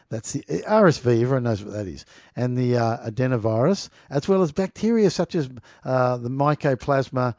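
Mellow-voiced sarcastic man. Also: medium pitch, lively intonation, fairly quick, no room sound, clean studio sound. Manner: sarcastic, laughs often, stumbles over hard words. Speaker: vlogger commenting on news. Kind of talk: casual commentary reading news aloud.

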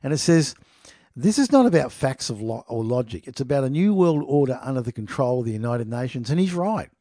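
A man's voice: mid-range voice, big pitch swings, brisk, mellow, no room sound. Man, online commentator, reads news aloud and mocks it, indignant, dry close sound. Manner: indignant, mocking, keeps addressing listeners as "people". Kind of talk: reading a news article aloud with running commentary.

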